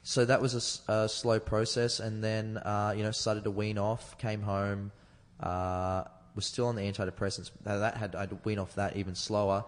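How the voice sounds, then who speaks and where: A man's voice: lowish voice, flat delivery, normal speed, few pauses, long reverb tail. An Australian man, a comedian, telling a personal story in a candid, rambling way and swearing freely. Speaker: comedian guest. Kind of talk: candid storytelling in casual chat.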